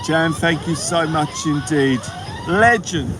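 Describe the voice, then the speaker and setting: High-voiced man chatting on a fishing livestream. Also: a little slow, background noise. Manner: chatty, thanks viewers by name, sings along to music. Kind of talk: casual live-stream chat.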